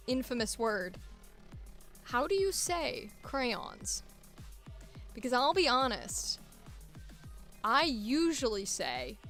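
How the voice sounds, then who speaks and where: A woman voice actor in casual chat, her voice pitched a bit high. She rambles along, laughs often and fills her pauses, with faint music underneath. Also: fairly bright tone. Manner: rambling, chatty, laughs often, many fillers. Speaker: voice actor host.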